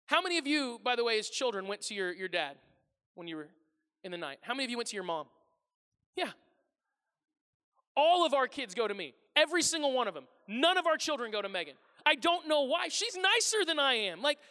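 Bright high-voiced man preaching in a hall. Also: fairly quick. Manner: animated, self-deprecating, acts out family voices. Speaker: pastor. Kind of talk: humorous sermon storytelling. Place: large church hall before a congregation.

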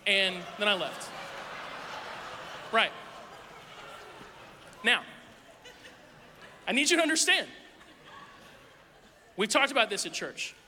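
A middle-aged male pastor preaches in a loose, conversational way, telling candid stories that poke fun at himself. His voice sits high and rings bright and forceful. The sound carries the long reverb of a large church hall. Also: slow pace, pauses often, a little hiss or hum. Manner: candid, self-deprecating, lively anecdotes. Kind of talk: conversational sermon storytelling. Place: church sanctuary.

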